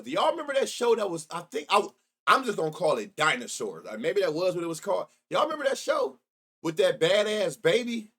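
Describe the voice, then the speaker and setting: A man's voice: fairly high pitch, a bit bright, slightly rough. A middle-aged man hosting a sports betting live stream, chatting loosely and profanely while reminiscing and reacting to his chat. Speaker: sports betting show host.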